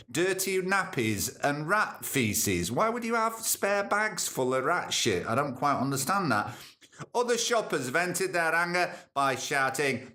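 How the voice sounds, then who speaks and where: A man's voice: a little high, pushed and bright. A man hosting a comedy podcast, reading news items and ranting about them with sarcasm. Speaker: podcast host. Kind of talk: comic news commentary.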